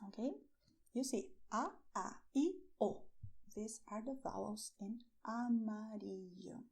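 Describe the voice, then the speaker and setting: Slow, gravelly-voiced woman teaching Spanish words. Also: mid-range voice, darkish tone. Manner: slow, careful word-by-word pronunciation with frequent "okay?" checks. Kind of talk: language lesson for beginners.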